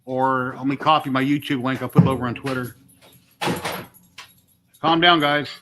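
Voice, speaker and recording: A man's voice: medium pitch, steady tone, moderate pace, a bit bright, a little hiss or hum. A middle-aged man chatting casually and rambling on a home live stream, easygoing and talkative. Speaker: livestream host.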